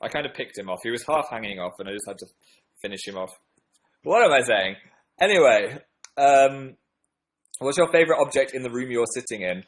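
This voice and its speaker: A man's voice: medium pitch, expressive, a little fast, pauses often, rough recording. Playful young man. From northern England. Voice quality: playful, self-deprecating, rambling. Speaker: livestream host. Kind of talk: casual livestream chat, reading viewer comments.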